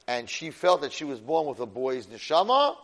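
A man's voice: mid-range voice, big pitch swings, normal speed, fairly bright tone. A man teaching a Torah class, speaking expressively and directly to his students, mixing in Hebrew terms. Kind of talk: animated Torah lecture.

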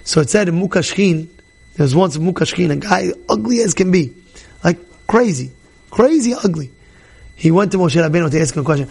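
A man teaching a Torah class, animated, acting out characters and questioning his listeners. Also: high-pitched, brisk, vocal fry, husky. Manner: animated, acts out characters, asks the audience questions. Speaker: rabbi.

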